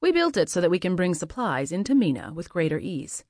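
A woman voicing a calm, teasing young male mage in an audiobook, gentle but firm in tone. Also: fairly low pitch, brisk, dry recording, studio quality. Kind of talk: audiobook character voice.

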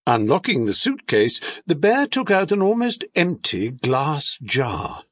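Husky guy reading a kids story slow, voice going up and down a ton, dry close sound. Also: a little high, no room sound. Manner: expressive, storytelling. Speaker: audiobook narrator. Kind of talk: scripted storybook narration.

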